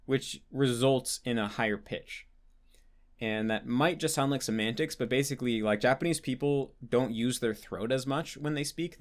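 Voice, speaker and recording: Young male host, casual Q&A, rambling explainer, mid-pitched, lots of filler words. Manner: rambling, restarts with many likes, explanatory. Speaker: host answering patron questions. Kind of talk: casual Q&A monologue.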